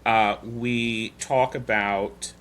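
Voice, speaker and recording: A man's voice: mid-range voice, fairly even intonation, very slow, fairly bright tone, a little hiss or hum. A man hosting a podcast, telling stories in a chatty, rambling way. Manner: chatty storyteller, loose and rambling. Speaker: podcast host. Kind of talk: casual chat.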